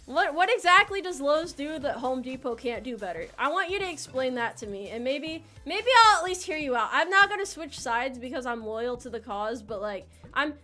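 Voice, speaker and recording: A woman's voice: high-pitched, pushed and bright. A woman from the United States streaming a game and chatting live, playful and teasing, tripping over her words as she restarts sentences. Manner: playful, teasing banter with chat, frequent restarts. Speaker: VTuber streamer. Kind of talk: casual live-stream chat while playing a game. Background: faint game music.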